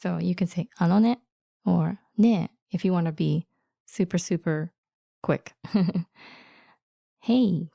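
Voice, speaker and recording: Gravelly-voiced woman teacher who giggles often. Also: on the low side, unhurried, dark tone, no echo, clean studio sound. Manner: giggly, explains words patiently. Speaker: language teacher. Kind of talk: casual language-lesson chat.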